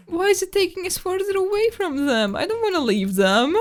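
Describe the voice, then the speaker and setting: A woman streaming live, chatting casually and excitedly while exploring a map, squealing at animals and swearing now and then. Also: high voice, moderate pace, few pauses, faint music behind.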